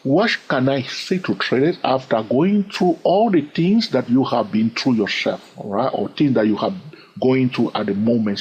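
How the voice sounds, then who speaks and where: A man teaching trading in an animated way. He often fills pauses with "okay" and "all right" and repeats phrases as he thinks aloud. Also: medium pitch, muffled recording, a little hiss or hum. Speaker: trading educator. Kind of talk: instructional talk to camera.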